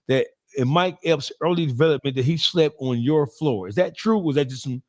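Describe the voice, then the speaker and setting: Brief: male interviewer, fairly high voice, probing and conversational. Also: a little fast. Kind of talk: casual interview.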